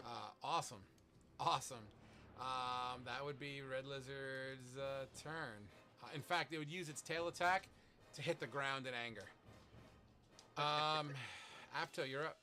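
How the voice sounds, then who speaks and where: A man's voice: medium pitch, steady tone, unhurried, pushed and bright, faint music behind. A man running a tabletop game as game master, narrating monster turns casually and swearing freely between laughs.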